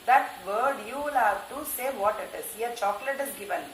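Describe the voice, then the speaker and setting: A fairly high-voiced woman with an Indian English accent leads an English lesson, sounding words out one at a time with careful emphasis. The room is echoey, and a faint hiss sits under her voice. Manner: slow, emphatic word-by-word pronunciation drills. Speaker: English teacher. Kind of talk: recorded online class lesson.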